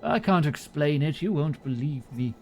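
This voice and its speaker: A man voicing a weary male secret agent held prisoner in a game, speaking slowly and gravely. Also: fairly high pitch, lively intonation, a little mellow, a little hiss or hum, natural voice. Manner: slow, grave, matter-of-fact.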